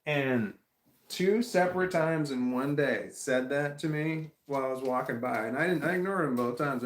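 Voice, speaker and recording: A man's voice: mid-range voice, creaky, roomy sound. A man talking to his camera in a casual vlog monologue, rambling and repeating himself, swearing when annoyed. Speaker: vlogger. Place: at home.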